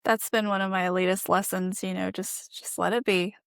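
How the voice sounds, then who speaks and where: A woman's voice: medium pitch, flat delivery, normal speed, creaky, a bit bright, dry recording, studio quality. A woman guest on a podcast, telling her story in an earnest, reflective way and laughing often. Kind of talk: candid conversational storytelling.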